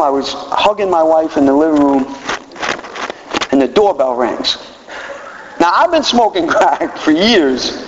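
A man with a fairly high voice tells his recovery story to a meeting. He talks with animated energy and doubles back on his words, and his voice rings through a long hall echo. The recording sounds dull and lo-fi, with faint noise underneath.

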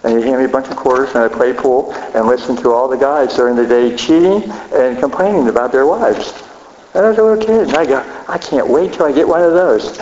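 A man's voice: mid-range voice, fast talker, a little mellow, a little hiss or hum. A middle-aged man giving a blunt, profane, self-mocking personal recovery share at a meeting. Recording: echoey hall, dull lo-fi sound.

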